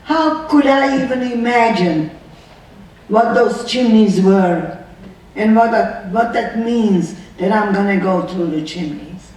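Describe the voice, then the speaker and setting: A woman's voice: mid-range voice, takes it slowly, a little mellow. A woman in her nineties giving a personal testimony, telling her story earnestly and asking many rhetorical questions. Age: 90s. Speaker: survivor speaker. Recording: distant echoey hall recording, faint ambience.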